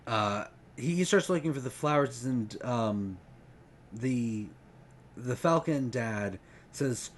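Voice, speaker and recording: A man's voice: mid-range voice, animated, slow pace, slight background noise. Rambling, hesitant man reviewing a book. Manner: rambling, hesitant, many ums. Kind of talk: casual book retrospective.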